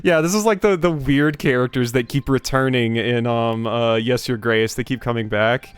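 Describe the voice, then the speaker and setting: A man's voice: medium pitch, normal speed, clear, resonant tone, faint music behind. A man hosting a gaming channel, doing casual game commentary in a wry, joking way with many fillers.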